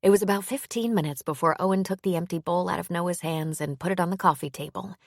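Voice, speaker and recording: A woman narrating a romance novel in measured, even storytelling. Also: fairly low pitch, vocal fry, dry recording, studio quality. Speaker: audiobook narrator. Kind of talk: scripted narration.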